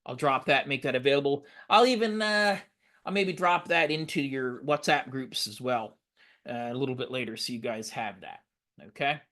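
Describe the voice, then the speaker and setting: A man's voice: mid-range voice, moderate pace, bright, forceful tone. Hands-on man teaching engine repair. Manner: practical and encouraging, with frequent fillers; works hands-on with tools while talking. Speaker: fire service instructor. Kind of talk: live online training demonstration. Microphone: video call.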